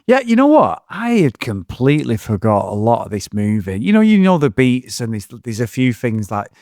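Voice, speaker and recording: A man talks through a film on a podcast, rambling from point to point with animated energy and the odd swear word. His voice sits at a middling pitch. The sound is dry and close. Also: moderate pace, no echo. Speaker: podcast co-host. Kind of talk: casual film review chat.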